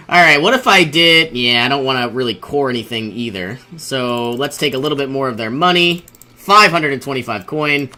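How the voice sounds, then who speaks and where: A man's voice: on the high side, pushed and bright. A young man giving casual commentary over his own strategy game, thinking aloud, often exasperated and laughing. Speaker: let's play host.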